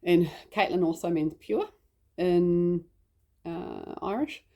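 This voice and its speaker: A woman's voice: lowish voice, slow pace, creaky, mellow. A woman, casually telling a rambling personal story about her children, full of fillers and side stories.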